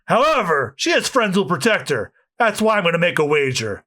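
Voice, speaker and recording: A man co-hosting a podcast, reading a manga aloud with asides, in an animated way. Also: high voice, fairly quick. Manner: animated, reads with asides and laughs. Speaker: podcast co-host.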